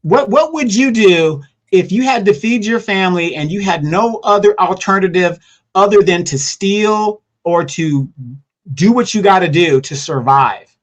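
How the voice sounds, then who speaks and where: Man guest on a live talk stream, earnest and lecturing, notably high voice. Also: unhurried. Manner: earnest, lecturing about history. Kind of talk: casual live discussion.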